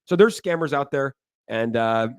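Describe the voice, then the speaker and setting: A man's voice: mid-range voice, lively intonation, moderate pace, clean tone, dry recording, studio quality. A man in his thirties hosting a casual crypto talk show, emphatic and repeating words for stress. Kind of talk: casual podcast chat.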